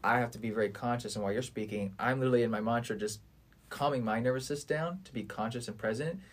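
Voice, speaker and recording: A man's voice: mid-range voice, fast. A man in his twenties talking earnestly and at length in a casual podcast conversation, rambling and swearing freely.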